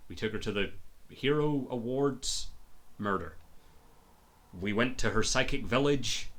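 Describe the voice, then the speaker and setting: A man's voice: medium pitch, unhurried, fairly bright tone. A man streaming a video game, making dry, wry casual comments between scenes.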